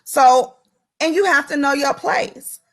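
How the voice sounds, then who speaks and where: A woman's voice: sits high, slow, a bit bright. A woman guest on a faith-based talk show, speaking earnestly and with emphasis about her experience as a mother.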